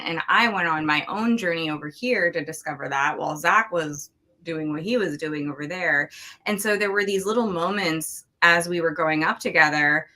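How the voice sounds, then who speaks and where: Bright-toned woman coach, earnest and frank. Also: on the low side. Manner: earnest, reflective, frank about intimacy. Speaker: relationship coach, guest. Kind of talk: candid interview talk.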